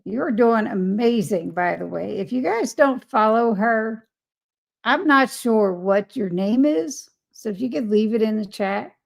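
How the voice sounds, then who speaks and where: A woman's voice: fairly high pitch, animated, unhurried, creaky. A woman hosting a casual live stream, greeting viewers by name and reading their chat comments aloud with frequent laughter.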